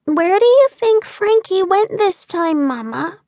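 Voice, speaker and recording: A woman voicing a sweet, soft-spoken five-year-old girl in an audiobook. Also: extremely high pitch, very animated, a little slow, no echo, pitched above the performer's own voice, exaggerated voice. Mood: eager.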